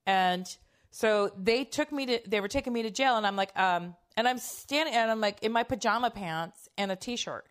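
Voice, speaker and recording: A woman's voice: fairly high pitch, normal speed, clean tone. A middle-aged woman telling a personal story in a casual, candid way, swearing freely and acting out quoted lines.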